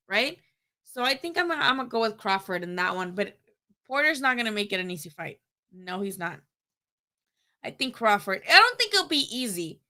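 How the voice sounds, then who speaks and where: A young woman hosting a casual boxing livestream, rambling, animated and profane. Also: mid-range voice. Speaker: boxing channel host.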